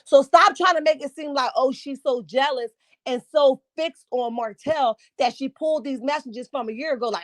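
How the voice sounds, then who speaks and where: A woman's voice: high voice, normal speed, no room sound. A woman hosting a casual live commentary stream from home, sassy and emphatic, often asking "right?". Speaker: livestream host.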